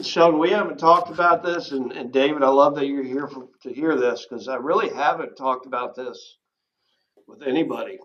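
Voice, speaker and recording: A man recounts a hard personal story as an interview guest, speaking haltingly and stopping often to clear his throat. His voice sits at an ordinary pitch, and the recording is slightly dull and lo-fi. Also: a bit bright. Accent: Southern American. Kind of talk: candid personal testimony.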